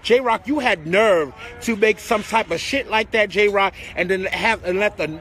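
A man's voice: high voice, a little slow, a bit bright. A man hosting a live stream outdoors on a city street, talking in a sassy, campy way and calling everyone honey. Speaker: livestream host. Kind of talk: casual livestream banter. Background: street traffic.

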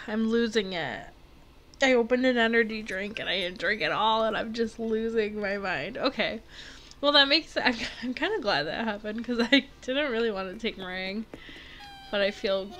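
A young woman giving rambling, giggly, excitable casual commentary while she plays a video game, with faint game music behind her. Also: on the high side, moderate pace. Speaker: gaming video creator.

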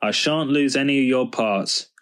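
A man's voice: mid-range voice, moderate pace, voice pushed up, lightly acted. A man voicing a kindly male mechanic in a storybook reading, reassuring in manner and firm when crossed. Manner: warm and reassuring, stern when angry.

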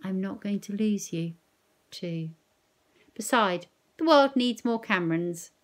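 Reading slowly and expressively in a mid-range voice, a woman performs a passage from a novel. She takes on the role of an elderly grandmother whose gentle but firm words are earnest and coaxing.

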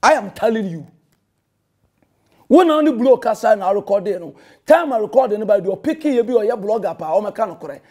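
Scolding Ghanaian pastor, high-pitched man. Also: lively intonation, fairly quick, darkish tone. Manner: scolding, confrontational, mixing in English phrases. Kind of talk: heated public rebuttal.

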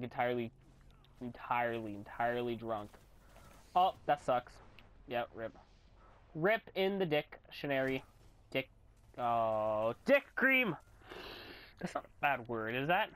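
A young man giving rambling, goofy commentary while recording his own game, often bursting into yells and silly voices. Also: mid-range voice, unhurried, long pauses, clear, resonant tone. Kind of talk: gameplay commentary.

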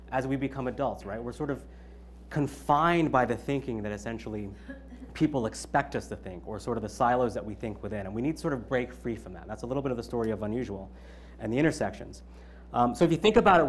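A man's voice: mid-range voice, slight background noise. A man in his thirties giving an opening keynote at his own event, conversational, with many ums and you-knows. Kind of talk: conference keynote speech.

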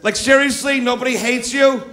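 A man's voice: very high voice, fairly even intonation, moderate pace, fairly bright tone. Brash profane stand-up comic man. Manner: brash, profane, crowd-baiting. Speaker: stand-up comedian. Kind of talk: stand-up comedy set. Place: comedy club stage with audience.

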